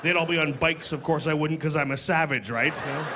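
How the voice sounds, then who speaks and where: A man doing a stand-up set on a club stage, animated and punchy, joking about himself. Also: a little high, fairly quick. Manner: animated, punchy, self-mocking. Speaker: stand-up comedian. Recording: noisy club with crowd laughter.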